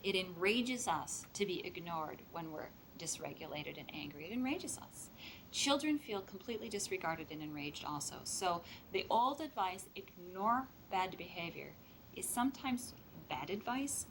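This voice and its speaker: A woman's voice: fairly low pitch, normal speed, noisy background. A middle-aged woman giving a lecture to foster parents and acting out the voices in the stories she quotes. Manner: lively, acts out quoted voices. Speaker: speaker training foster parents.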